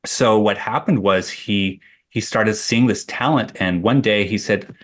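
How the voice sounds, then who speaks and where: A middle-aged man with a lowish voice tells a long personal story as an interview guest. He rambles and restarts often, circling back as he talks. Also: a little slow. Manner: rambling, with many restarts and fillers. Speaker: guest artist. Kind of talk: conversational storytelling.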